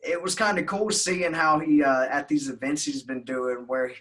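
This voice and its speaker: Bright-voiced Southern man hosting. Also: fairly high pitch, fairly even intonation, normal speed. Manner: loose, rambling, swears freely. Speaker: podcast host. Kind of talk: casual chat.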